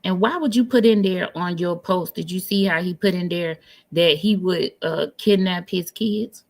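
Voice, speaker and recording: A woman co-hosting a casual live-stream chat, animated and incredulous, repeating phrases for emphasis. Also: lowish voice, normal speed.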